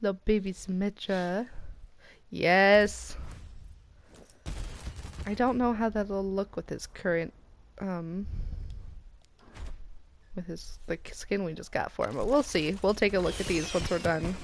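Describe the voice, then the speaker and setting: An American woman streaming a game, chatting casually and getting excited as she opens loot boxes. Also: medium pitch, takes it slowly, long pauses, slight background noise. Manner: excitable and chatty, squealing at rare items. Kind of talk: casual commentary while opening loot boxes.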